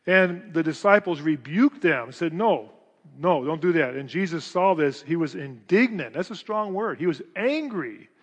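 Pastor preaching in a reverberant church. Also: male voice, fairly high pitch. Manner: earnest, emphatic with frequent repeats. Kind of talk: sermon. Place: church sanctuary. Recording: long reverb of a church hall.

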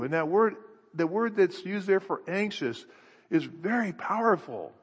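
A man's voice: sits high, expressive, unhurried, breathy edge. A man preaching a sermon, earnest and searching, thinking aloud with restarts, in an echoey hall.

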